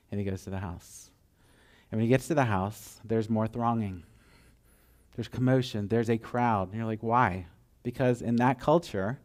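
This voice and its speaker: A man preaching a sermon, telling the story with animated acted-out voices and dropping to a hushed, tender tone at moments. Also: medium pitch. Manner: drops to soft, hushed tones for tender moments. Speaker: pastor.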